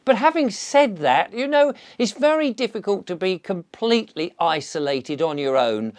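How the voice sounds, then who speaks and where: Older man, English accent, fairly high voice, theatrical, chatty vlog monologue. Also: sing-song, moderate pace. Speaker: vlogger. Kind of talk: casual monologue to camera.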